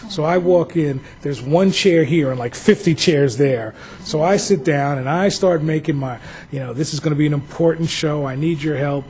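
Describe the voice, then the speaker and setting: Mellow-voiced man from New Jersey, slightly high register, a museum director telling anecdotes at a public talk. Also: a little hiss or hum, poor audio. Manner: anecdotal storytelling, reflective.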